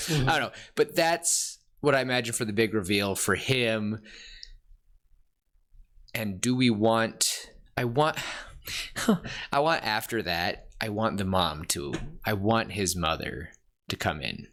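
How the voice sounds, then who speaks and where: A low-voiced man pitching a story idea on a podcast, his voice swinging up and down as he gets excited. He stops mid-thought, restarts, and jumps into quick bits of the characters' dialogue. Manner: excited, acts out characters' lines in quick bursts. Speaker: podcast co-host. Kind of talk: casual brainstorming chat.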